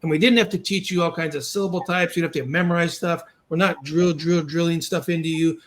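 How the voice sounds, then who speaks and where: A man hosting a podcast, explaining reading steps in a quick, encouraging, coaching way. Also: on the high side, fairly even intonation, slight background noise. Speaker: podcast host and reading instructor. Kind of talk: conversational coaching.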